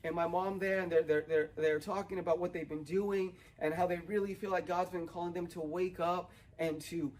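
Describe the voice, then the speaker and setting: A man's voice: high voice, steady tone, normal speed, hardly any pauses, darkish tone, low-quality recording. A young man preaching a sermon outdoors, earnest and building to fervent emphasis. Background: dog barking, wind.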